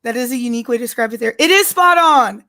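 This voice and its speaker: A woman's voice: a little high, expressive, fast, sharp tone, no room sound, clean studio sound. A woman co-hosting a casual chat show, blunt and profane, with a joking, offhand way of talking. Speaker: podcast co-host.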